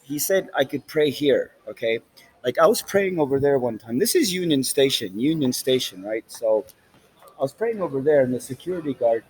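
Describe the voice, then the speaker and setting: A man's voice: mid-range voice, lively intonation, moderate pace, a little mellow, husky, poor audio. A man vlogging in a rambling, profane monologue with street slang, recorded on a handheld phone inside a large train station.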